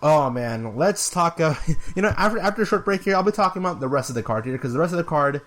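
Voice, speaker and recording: A man's voice: on the high side, animated, fast, a bit bright. A man hosting a casual fight review podcast, recapping in an exasperated, sarcastic way and laughing at the awkward moments. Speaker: podcast host.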